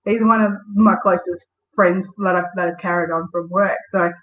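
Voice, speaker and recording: A woman's voice: lowish voice, steady tone, normal speed, a little hiss or hum. Woman guest, chatty storyteller, heard over a thin phone-like video call. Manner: storytelling, lots of fillers. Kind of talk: casual interview. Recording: tinny phone-like call audio.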